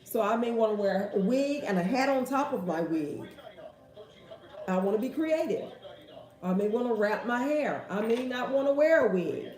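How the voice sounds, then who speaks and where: A woman's voice: on the high side, lively intonation, moderate pace, darkish tone. A woman hosting a casual question-and-answer talk, with an emphatic, preachy, folksy way of speaking. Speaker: host. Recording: echoey room.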